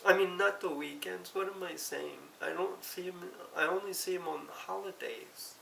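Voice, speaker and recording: A middle-aged woman giving a halting, emotional personal confession, close to tears and often correcting herself. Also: on the low side, steady tone, gravelly, fairly bright tone. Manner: halting, tearful, self-correcting. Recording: roomy, distant mic, faint hiss.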